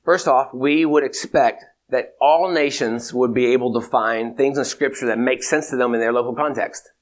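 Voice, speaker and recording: Man teaching a measured theology lecture. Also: mid-range voice, fairly even intonation. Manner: measured, emphatic, repeats key points.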